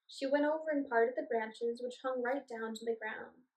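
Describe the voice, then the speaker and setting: A woman reading a children's storybook aloud in a clear, expressive way. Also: on the high side, moderate pace. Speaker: storybook reader. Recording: echoey room, voice from a distance.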